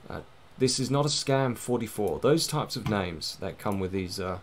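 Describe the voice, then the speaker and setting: A man's voice: lowish voice, expressive, moderate pace, slight background noise. A man giving casual, rambling, self-mocking commentary while playing a game, swearing now and then. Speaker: gaming let's-play host.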